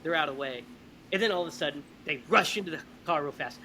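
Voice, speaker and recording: A man hosting a podcast, telling stories in a lively, animated way. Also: on the high side, fairly quick, slight background noise, rough recording. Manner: animated storyteller, laughs often. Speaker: podcast host. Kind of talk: casual chat.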